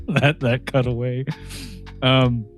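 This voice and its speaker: Guy chatting about a movie, mid-pitch voice, keeps laughing and restarting sentences, some soft music underneath. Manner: laughs often, rambling with many restarts and fillers. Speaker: podcast co-host reviewing a film. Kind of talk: casual film review chat.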